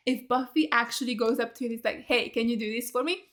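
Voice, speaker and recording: High-voiced young woman ranting as a fan. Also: fast talker. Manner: heated, animated, swears freely, gushing fan. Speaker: reaction video host. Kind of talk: casual reaction commentary.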